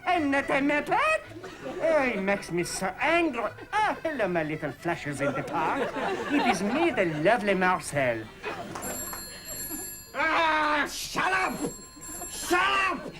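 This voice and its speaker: A man's voice: high voice, very animated, moderate pace, pitched above the performer's own voice, poor audio. A man voicing a cranky male frog puppet with a French flair in a comedy sketch, squawking and short-tempered. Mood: smarmy. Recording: music playing loudly behind.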